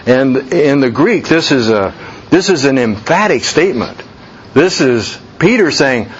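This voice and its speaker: A man preaching a sermon slowly and deliberately, jumping to a much higher pitch when he voices people's reactions. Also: expressive, husky, muffled recording. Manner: slow deliberate preaching, voice leaps high for quoted reactions. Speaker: pastor.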